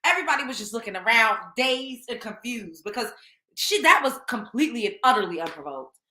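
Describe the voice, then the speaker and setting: A woman hosting a casual commentary show, animated and slangy, laughing often. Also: on the high side, brisk, reverberant. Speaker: show host.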